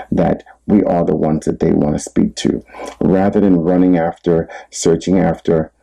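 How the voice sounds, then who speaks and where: A man's voice: deep voice, gravelly, mellow, low-quality recording. A man giving relationship advice in a candid, rambling monologue, laughing at himself now and then. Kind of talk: casual monologue.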